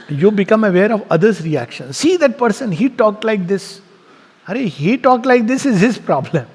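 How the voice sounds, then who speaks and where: A man's voice: sits high, breathy edge. A man giving a spiritual lecture, telling stories, asking rhetorical questions and laughing often. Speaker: spiritual teacher. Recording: long reverb in a hall.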